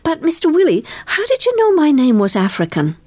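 A woman's voice: a little high, huge pitch swings, normal speed, a little mellow, no echo, voice pushed up, exaggerated voice. Woman doing eager young artist girl. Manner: polite, eager.

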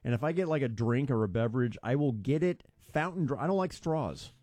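A man's voice: mid-range voice, animated, fairly quick, mellow, no echo. A man co-hosting a casual chat, teasing his partner with wry short reactions. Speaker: podcast co-host.

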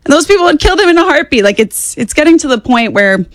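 A woman in her twenties, a guest on talk radio, speaking in a rapid, animated and opinionated way. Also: high-pitched, no room sound. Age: 20s. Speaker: guest commentator. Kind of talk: casual political talk radio.

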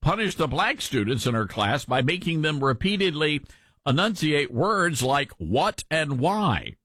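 A man's voice: on the high side, big pitch swings, unhurried, bright, forceful tone, husky, no echo, studio quality. A man from Tennessee with a mild Southern accent, hosting a talk radio show in a folksy, opinionated way.

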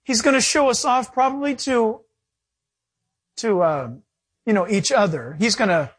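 A male pastor preaching a sermon, animated and acting out little dialogues. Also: very high-pitched, unhurried, long pauses, husky.

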